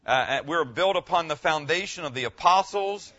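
Male pastor, fairly high, bright voice; emphatic sermon delivery, dull lo-fi recording. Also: expressive, normal speed. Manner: emphatic, asks the congregation questions. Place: room with a congregation.

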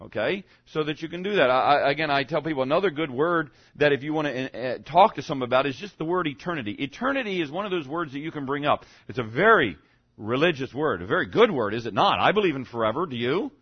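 A man's voice: a little high, expressive, fast, slightly rough, no room sound, muffled recording. A male pastor preaching a sermon in a conversational way, often asking the congregation questions. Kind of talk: sermon on evangelism.

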